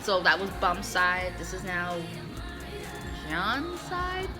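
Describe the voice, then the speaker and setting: Host, woman, casual sarcastic recapper, clear music bed underneath. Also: lowish voice, very animated, takes it slowly. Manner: sarcastic, chatty, lots of "like".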